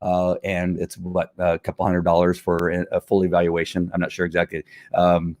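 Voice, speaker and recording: Animated low-voiced man, dog trainer. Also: moderate pace, dry recording, studio quality. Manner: animated, acts out owners in higher voices, laughs often. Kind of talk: casual livestream talk.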